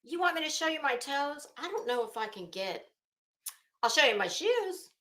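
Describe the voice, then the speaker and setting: A woman's voice: high-pitched, big pitch swings, moderate pace, bright, forceful tone. A middle-aged woman hosting a casual livestream from her home office, rambling and greeting viewers by name. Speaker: commentary livestream host. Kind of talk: casual livestream chat reading viewer comments.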